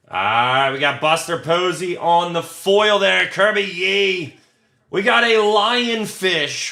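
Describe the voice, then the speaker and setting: Philly guy opening card packs live, bright voice, crude jokes, echoey room w/ faint hiss. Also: sits high, slow pace, vocal fry. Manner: crude joking banter, reads out cards. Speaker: card break host. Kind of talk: casual live card-break commentary. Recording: roomy with faint noise.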